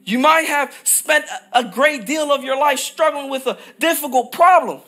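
A man preaching a sermon as pastor, with an emphatic, repetitive cadence that rises to shouted peaks on scripture. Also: very high voice, normal speed, few pauses.

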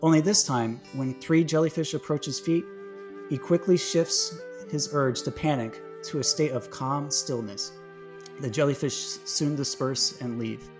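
A man's voice: a little high, measured pace, music in the background. A man hosting a podcast, narrating a comic fan story in a playful, laughing, casual way.

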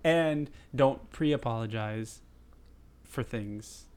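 A woman co-hosting a podcast in casual chat, agreeable and quick to chime in. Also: rumbling low, darkish tone. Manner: agreeable, backchannels a lot. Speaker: podcast co-host.

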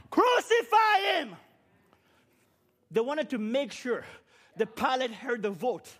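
A man preaching a fiery sermon, shouting repeated rhetorical questions and dropping to quiet low passages. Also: breathy edge.

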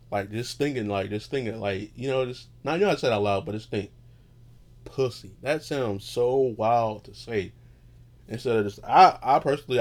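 A man with a fairly low voice talks off the cuff, drifting from one tangent to the next and peppering his speech with profanity. He sounds relaxed and unscripted, as if chatting to friends while lying in bed at home. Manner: loose, profane, meandering, loses his train of thought. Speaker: podcast host. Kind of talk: casual rambling monologue.

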